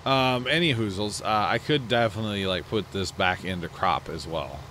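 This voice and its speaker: A man with a low voice talks through his farming game in a loose, rambling way, poking fun at his own slips. He sounds drowsy after a big lunch, and a faint hum of game machinery runs underneath. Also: normal speed, sharp tone. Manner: rambling, self-mocking, yawning. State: sleepy. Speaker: let's play host. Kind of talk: casual gameplay commentary.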